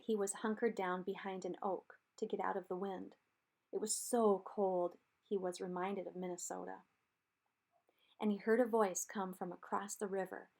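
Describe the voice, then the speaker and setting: A woman narrates a novel chapter aloud in an audiobook reading. Her delivery is steady and measured, and her voice sits at an ordinary middle pitch.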